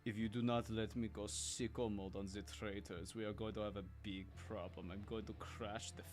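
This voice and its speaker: A man's voice: lowish voice, fairly even intonation, normal speed, soft background music, natural voice. A man voicing a zealous young male space knight with a mock German accent, itching to be sent into battle. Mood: impatient.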